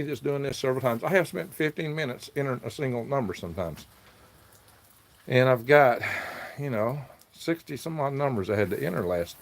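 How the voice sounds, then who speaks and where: A man's voice: medium pitch, creaky. A man hosting a casual livestream, telling a rambling, aggrieved story. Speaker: livestream host selling worms.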